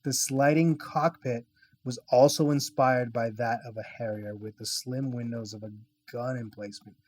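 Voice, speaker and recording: A man's voice: mid-range voice, fairly even intonation, normal speed, a little mellow. A man co-hosting a film podcast, enthusiastic and profane, reading trivia and arguing his points. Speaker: podcast co-host. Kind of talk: casual film chat.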